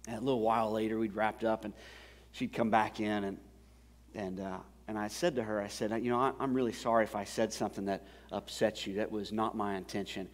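A male pastor preaching a sermon, moving from easygoing storytelling to loud, emphatic preaching. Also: fairly low pitch, level tone, fairly quick. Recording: long hall reverb.

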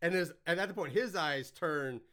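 A man's voice: a little high, moderate pace, sharp tone. A man co-hosting a casual podcast chat, chiming in with short agreements and laughing along. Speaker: podcast co-host.

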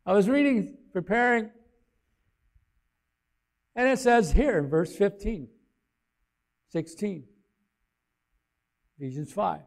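An older man giving an informal, rambling sermon with a personal story, his folksy voice swelling loud and dropping low. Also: expressive, slow pace, vocal fry, pauses often. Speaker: lay preacher.

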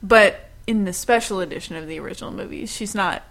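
A woman's voice: mid-range voice, brisk, vocal fry, fairly bright tone. Woman podcast co-host, casual chat. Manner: agreeable, frequent affirmations.

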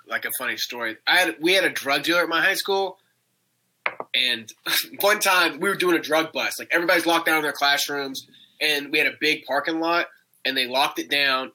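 A young man in casual chat, telling an animated story, laughing often and swearing. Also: mid-range voice, rough recording.

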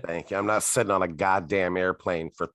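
A man's voice: sits low, fairly even intonation, a little fast, fairly bright tone, no echo, studio quality. A man co-hosting a casual podcast chat with a wry, sarcastic manner. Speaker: podcast co-host.

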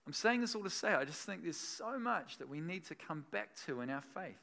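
Aussie pastor guy preaching, lively pitch, goes quiet then gets loud. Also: fairly quick, gravelly. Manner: animated, swings from soft to loud, laughs between points. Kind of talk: sermon.

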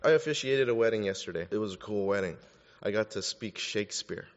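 A man's voice: lowish voice, animated, brisk. A man preaching a sermon in a conversational style, with joking asides to the congregation. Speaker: pastor. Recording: dull sound with long hall reverb.

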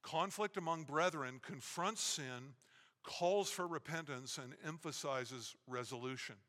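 A male pastor delivers an emphatic sermon in a bright, forceful voice that sits a touch above the usual male pitch. He stretches and stresses words for weight and slips into quoted speech. The recording has a long hall reverb around him. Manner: emphatic preaching with dramatic pauses. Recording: echoey hall.

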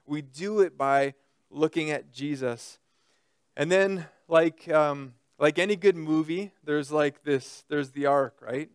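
A man's voice: fairly high pitch, takes it slowly, clear, resonant tone, no room sound, studio quality. A man preaching a sermon in a loose, conversational way, often checking in with his listeners by asking "okay?". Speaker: pastor.

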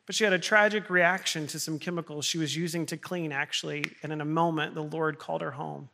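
A man's voice: fairly high pitch, fairly even intonation, a little fast, creaky, sharp tone. A man who is a pastor, preaching a sermon in an earnest way that builds to impassioned appeals.

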